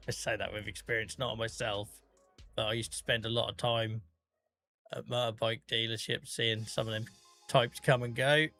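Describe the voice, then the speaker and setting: Faint background music accompanies this Norfolk-accented man's casual commentary on a farming game, where he's chatty, self-deprecating and mutters to himself as he plays. His mid-range voice swoops wildly in pitch, unhurried and pausing often, with a bright, forceful tone.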